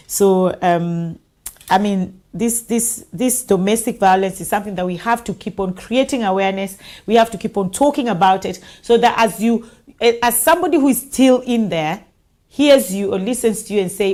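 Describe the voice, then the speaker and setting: A woman's voice: medium pitch, normal speed, darkish tone. Conversational woman hosting a talk show. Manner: conversational, reading out viewer comments. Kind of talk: online talk show interview.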